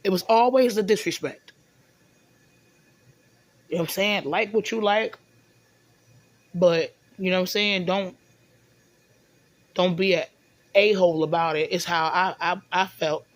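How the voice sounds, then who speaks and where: In a casual monologue, a woman vents, rambling and frequently tripping over repeated words while often saying "you know what I'm saying." Her voice is lowish, her pace measured, and she leaves long pauses.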